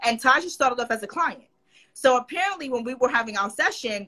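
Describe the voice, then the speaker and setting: A woman's voice: a little high, fairly quick, low-quality recording. A woman guest in a casual interview, telling stories animatedly and acting out what others said. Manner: animated, quotes others in put-on voices.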